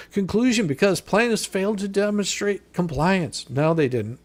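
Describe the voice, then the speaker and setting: Gravelly man mocking on a livestream. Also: high-pitched, animated, moderate pace, hardly any pauses. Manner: mocking, profane, sarcastic rebuttals. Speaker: live streamer host. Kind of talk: live stream commentary reading a legal filing aloud.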